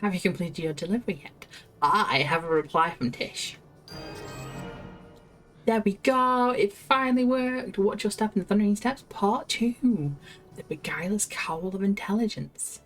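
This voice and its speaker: A woman's voice: mid-range voice, unhurried, faint music behind. A woman streaming a video game, chatting casually, laughing to herself and reading quest text aloud. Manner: chatty, giggly, talks to herself.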